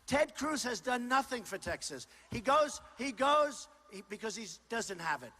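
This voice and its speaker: A man in his sixties giving a loud, ad-libbed campaign rally speech, often repeating his lines. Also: extremely high pitch, sing-song, unhurried. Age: 60s. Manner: loud, repetitive, ad-libbed crowd address. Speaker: political candidate. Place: large rally hall.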